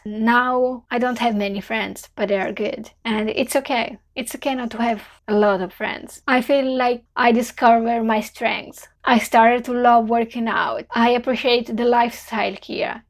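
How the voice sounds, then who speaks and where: Earnest young Italian woman, bright voice. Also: fairly high pitch. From Italy. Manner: earnest, heartfelt, simple non-native phrasing. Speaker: vlogger. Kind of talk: reflective farewell vlog.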